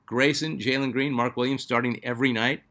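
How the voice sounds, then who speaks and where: A man hosting a basketball fan channel in loose, casual commentary. He talks in a chatty way at an ordinary middle pitch, full of "uh"s, restarts and asides as he works through viewer comments. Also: steady tone, fairly quick, bright, forceful tone. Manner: chatty, filler-heavy, restarts often. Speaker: sports channel host.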